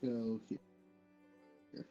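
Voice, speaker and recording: A man's voice: very slow, warm tone, highs cut off, faint music behind. A man playing a tabletop game who talks bluntly and sarcastically, swearing as he goes. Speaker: player.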